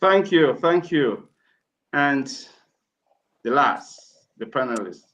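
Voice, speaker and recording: A man hosting a live panel discussion, introducing guests in a relaxed, informal way. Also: mid-range voice, takes it slowly. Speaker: host. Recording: dull lo-fi sound with faint noise.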